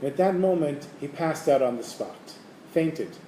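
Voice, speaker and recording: A man telling a religious story in an animated way and acting out the characters' voices. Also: fairly high pitch, normal speed. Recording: echoey room, faint hiss.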